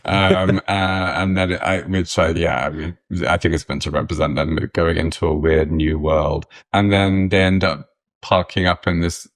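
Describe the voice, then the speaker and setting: A person co-hosting a podcast, recapping a film in casual, rambling chat full of ums and likes. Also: male voice, sits low, fairly even intonation, normal speed, no echo. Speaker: podcast co-host.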